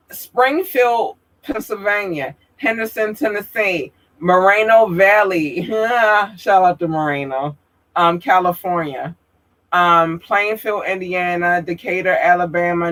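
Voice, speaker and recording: A woman podcast host works through a long list of listener towns at an unhurried pace. She says each place name carefully and apologizes when she thinks she got one wrong. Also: on the low side, fairly bright tone. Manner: slow, careful, apologetic about pronunciation. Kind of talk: reading out listener locations.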